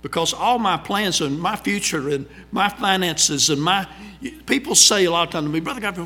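A middle-aged man, preaching a folksy storytelling sermon in a church sanctuary. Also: on the high side. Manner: folksy, conversational, animated storytelling. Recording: long hall reverb.

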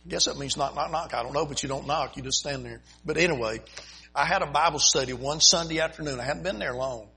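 A missionary preacher tells a folksy story from the pulpit, chuckling at his own punchlines. His voice sits a little high, with a bright, forceful edge and a husky grain. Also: fast. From United States. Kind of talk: storytelling sermon. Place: church before a congregation.

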